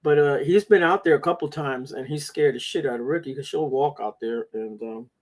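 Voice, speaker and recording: Male host, mid pitch, loose rambling anecdotes with casual cursing. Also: brisk, rough recording. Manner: rambling, profane storytelling. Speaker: podcast host. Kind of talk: casual chat.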